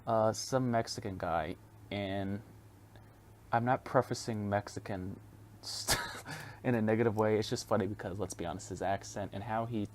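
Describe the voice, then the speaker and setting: Young male podcast host, low-pitched, rambling, profane, casual solo talk. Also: steady tone, moderate pace, a little hiss or hum. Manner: profane, rambling, chuckles often.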